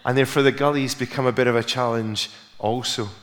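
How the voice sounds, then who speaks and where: A man preaching to a congregation, his mid-pitched voice carrying a long reverb tail through the church hall. He leads prayer quietly and tells stories with a lively, rising delivery. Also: fast talker. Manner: storytelling, rising for emphasis, softening in prayer. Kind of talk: sermon.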